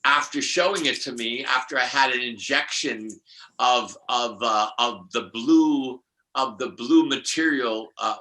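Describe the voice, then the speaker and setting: A man's voice: mid-range voice, a little slow, pushed and bright, rough recording. An older man, a numerologist guest, telling rambling spiritual stories with many restarts and laughs.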